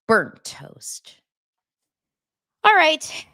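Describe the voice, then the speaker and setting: A woman with a lowish voice chats about celebrity gossip in a playful, meandering way, often stopping mid-word to restart. The sound is dry and close, with no room around it. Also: expressive, moderate pace, a bit bright, no echo. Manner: rambling, self-interrupting, playful. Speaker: host. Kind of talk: casual celebrity gossip chat.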